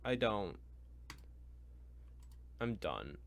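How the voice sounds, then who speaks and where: A young man reacting live to a book, exasperated and ranting, going from mutters to loud complaints. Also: fairly low pitch, very animated, drawn-out words. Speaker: reviewer.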